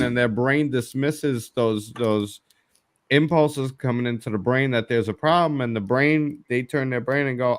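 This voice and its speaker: A man's voice: medium pitch, normal speed. A man hosting a live stream, chatting casually in a blunt, joking, profane way. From New York. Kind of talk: casual chat.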